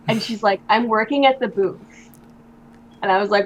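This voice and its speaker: A woman's voice: mid-range voice, normal speed, pauses often, dull audio, a little hiss or hum. A young woman guest in an interview, chatting casually and telling stories with many fillers. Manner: chatty storyteller, lots of likes and ums.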